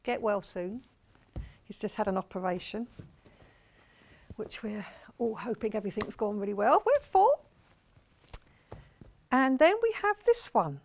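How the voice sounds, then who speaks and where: A woman's voice: medium pitch, expressive, normal speed, creaky, pauses often, slight background noise. A woman with a Portsmouth accent presenting products live on a shopping channel in a television studio, chatty and rambling, gushing over what she shows. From England.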